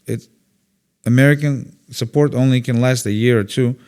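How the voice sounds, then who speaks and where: A man's voice: mid-range voice, normal speed, clean tone. A man, a comedian guest, telling stories in casual conversation, blunt and opinionated, acting out other people's lines and swearing freely. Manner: animated storyteller who acts out quoted voices and swears freely.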